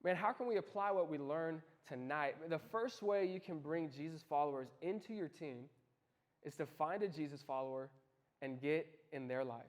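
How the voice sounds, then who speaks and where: Young man, high voice, casual youth sermon, lively storytelling, talks straight to listeners. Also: moderate pace. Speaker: youth ministry speaker.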